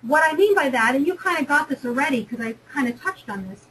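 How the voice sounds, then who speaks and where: A woman's voice: high-pitched, lively intonation, fast, fairly bright tone, a little hiss or hum, low-quality recording. A woman from New Jersey giving a chatty, emphatic webinar lecture on negotiation, often repeating and restarting phrases. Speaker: career webinar presenter.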